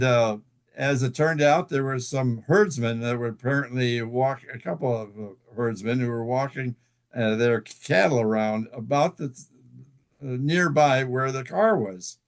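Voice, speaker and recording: Gravelly man telling a halting story. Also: medium pitch. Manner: halting, with many fillers and restarts. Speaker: guest author. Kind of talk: casual interview storytelling.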